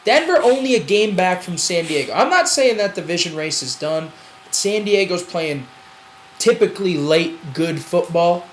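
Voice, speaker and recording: A man's voice: sits high, expressive, moderate pace, a little hiss or hum, rough recording. A man co-hosting a casual sports show, rambling through predictions and laughing while he argues. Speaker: sports podcast co-host.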